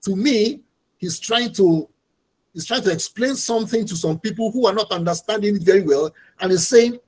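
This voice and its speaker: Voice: mid-range voice, brisk, darkish tone, husky, poor audio. An instructor, giving an online training lecture over a video call in a patient, explanatory way and repeating key points.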